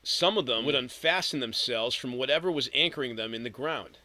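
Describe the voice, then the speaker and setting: A man narrating an audiobook in a steady storytelling read with vivid emphasis. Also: mid-range voice, a little fast, dry recording, rough recording.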